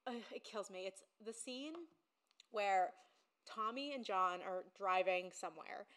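A woman's voice: mid-range voice, unhurried, fairly bright tone, clean tone. A young woman co-hosting a podcast, chatting casually with sarcasm and swearing. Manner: sarcastic, profane, recounts scenes in quoted voices. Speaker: podcast co-host. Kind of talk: casual chat.

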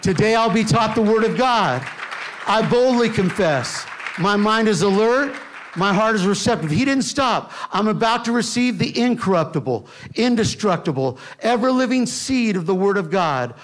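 A man preaching a sermon to a church, telling a personal story with emphatic delivery that drops to a hush in tender moments. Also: high voice, animated, normal speed, some chatter behind, a little hiss or hum. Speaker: pastor.

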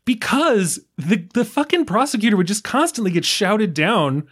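A man's voice: high-pitched, sing-song, moderate pace, fairly bright tone. An American man co-hosting a film podcast, talking casually and animatedly, swearing freely and acting out characters' lines. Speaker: podcast co-host.

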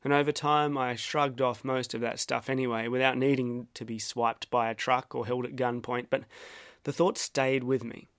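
With a dry, self-deprecating wit, an Australian man reads his reflective personal essay in a measured, wry manner. His level, fairly bright voice sits at a normal middle pitch for a man. The sound is close and dry, free of any room sound.

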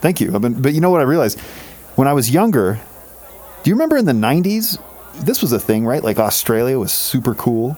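A man's voice: medium pitch, sing-song, fairly quick, a little mellow. A man from Colorado co-hosting a show, rambling through playful tangents in casual comedic banter. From Colorado, USA. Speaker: podcast co-host.

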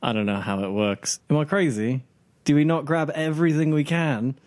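A man's voice: fairly high pitch, moderate pace, darkish tone. A man playing in a tabletop game, talking in a joking, offhand way. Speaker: player. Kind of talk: casual tabletop chat.

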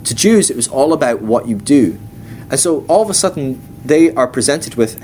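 Chatty man teaching, lively pitch. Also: normal speed, a little hiss or hum. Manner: chatty, uses many fillers and acts out quotes. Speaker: teacher at a ministry school. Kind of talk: casual teaching talk.

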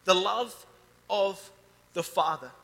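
High bright-voiced preacher in his thirties. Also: takes it slowly, creaky. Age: 30s. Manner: declaring, preaching with rising emphasis. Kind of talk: youth sermon. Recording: reverberant hall.

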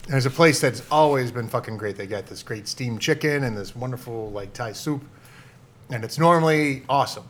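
A man's voice: mid-range voice, moderate pace, a little hiss or hum. A man who has tended bar for years, chatting casually with a wry, sardonic edge. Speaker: bartender. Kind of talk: casual chat.

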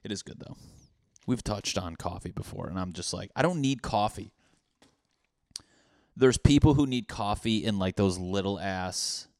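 A man's voice: lowish voice, normal speed, pauses often, darkish tone, no echo, studio quality. A young man hosting a podcast in a loose comedic monologue, rambling, swearing freely and laughing at his own jokes. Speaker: podcast host.

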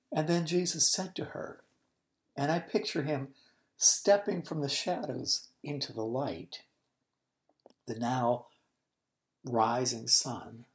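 Low-voiced woman teaching scripture. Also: slow pace, long pauses. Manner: expressive, storytelling, explains original-language words. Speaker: Bible teacher. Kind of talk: expository Bible teaching.

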